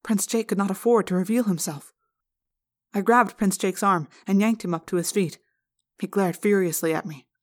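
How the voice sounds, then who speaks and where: A woman reading an audiobook aloud in the first person, with steady, measured narration. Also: mid-range voice. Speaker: audiobook reader.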